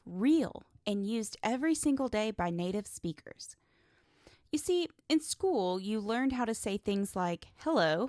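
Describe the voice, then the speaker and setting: A woman hosting a language lesson, speaking slowly and with emphasis. Her voice sits in an ordinary middle register. The sound is close and dry, with no room around it. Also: mid-range voice, darkish tone, no echo. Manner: deliberate, emphatic teaching delivery. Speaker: English teacher, podcast host. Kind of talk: scripted lesson narration.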